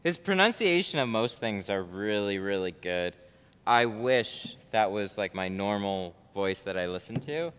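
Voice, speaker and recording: A window tinter streams live from a car tint shop, chatting casually as he works and answers viewer chat. His fairly low voice is expressive, unhurried, a bit bright and smooth. It sounds like he's in a large hall.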